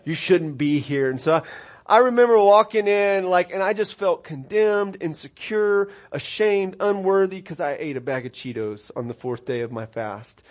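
A man preaching a sermon, earnest and personal, rising to emphatic peaks and dropping soft, often repeating words as he restarts phrases. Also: high-pitched, moderate pace. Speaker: pastor.

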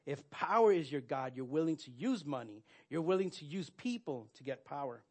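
A man's voice: a little high, lively intonation, normal speed. Earnest man preaching. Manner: earnest, with frequent fillers and restarts. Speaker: pastor. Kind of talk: sermon.

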